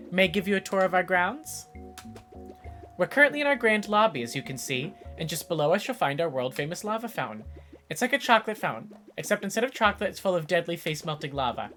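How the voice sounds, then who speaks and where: A woman's voice: on the low side, a bit bright. A woman voicing a cheery, overly polite lodge keeper, reading game dialogue aloud with an affected accent and a grand hospitable manner.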